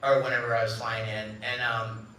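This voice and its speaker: A man's voice: medium pitch, flat delivery, normal speed, bright, forceful tone, slight background noise. A middle-aged man giving a live talk to an audience as a company head, joking and telling stories, acting out the voices of the people he quotes. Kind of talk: live event speech. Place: large event room. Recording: echoey room, speaker far from mic.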